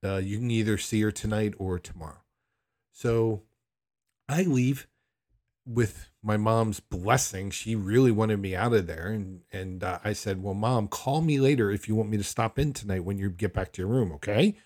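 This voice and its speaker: Middle-aged male podcast host, lowish voice, candid and reflective storyteller. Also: darkish tone. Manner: reflective, candid, unhurried with frequent restarts. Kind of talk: personal storytelling.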